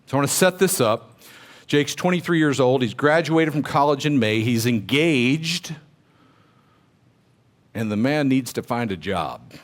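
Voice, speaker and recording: A man's voice: mid-range voice, expressive, a little slow, pauses often. A middle-aged man speaking to a room of real estate agents, telling personal stories in a conversational, motivational way and asking the audience questions.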